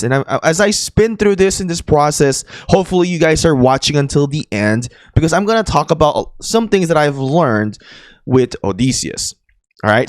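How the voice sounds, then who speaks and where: A man's voice: a little high, dry recording, clean studio sound. A man hosting a gaming channel, chatting casually as he walks through game screens, with frequent fillers and restarts.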